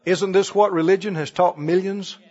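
A man's voice: high-pitched, fairly even intonation, normal speed, a little mellow, big-room sound, dull audio. A man preaching a sermon, firing repeated questions at his congregation. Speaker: pastor.

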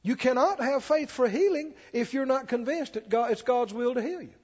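A preacher man with a high voice delivers a sermon, reading scripture aloud with rising emphasis and pressing his congregation with questions. The sound has a long church reverb and a muffled, lo-fi tone. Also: normal speed, darkish tone, breathy edge.

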